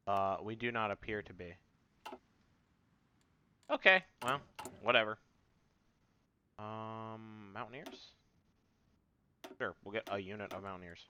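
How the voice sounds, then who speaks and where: A man's voice: fairly low pitch, takes it slowly, pauses often, sharp tone, muffled recording, a little hiss or hum. A man with a put-on British accent giving casual, wry gameplay commentary as a let's play host, muttering offhand asides to himself.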